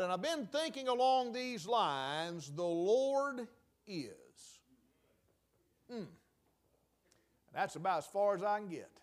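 Man, preacher, sermon, very high voice, slow, repetitive, emphatic. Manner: repetitive, emphatic, drawn-out phrases, folksy.

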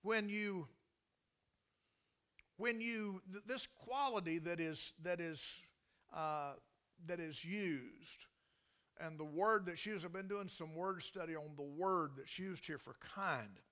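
Folksy preacher man, bright voice. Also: sits high, slow. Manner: folksy, emphatic preaching with many restarts. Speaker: pastor. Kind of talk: sermon.

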